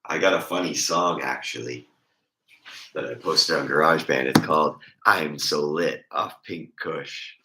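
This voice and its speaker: A man with a very deep, congested voice chats slowly and casually on a stream. His tone is bright despite the low pitch, and the room around him is echoey. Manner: slow rambling talk, voice squeaks and crackles when raised. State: congested throat.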